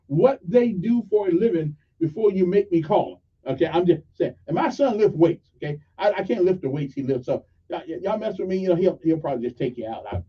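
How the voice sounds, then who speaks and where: A man hosts call-in talk radio and rambles through stories in a folksy way. His voice sits high for a man. The sound is dull and lo-fi. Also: breathy edge. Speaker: radio talk show host.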